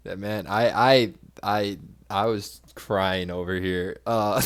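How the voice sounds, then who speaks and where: A relaxed man with a fairly low voice chats casually as a podcast co-host. He speaks hesitantly, with plenty of fillers, and often breaks into easy laughter. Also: slow pace, hardly any pauses.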